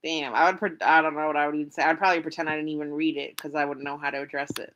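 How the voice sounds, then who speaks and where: A woman's voice: low-pitched, steady tone, racing, fairly bright tone, dull audio. A woman giving blunt, mocking running commentary on a live stream.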